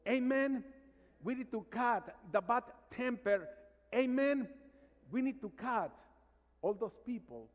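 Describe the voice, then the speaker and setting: A priest in his fifties from Mexico with a Mexican Spanish accent, preaching a sermon with stories and calls for amens, sometimes dropping to a hushed voice. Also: fairly high pitch. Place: large church. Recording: church reverb.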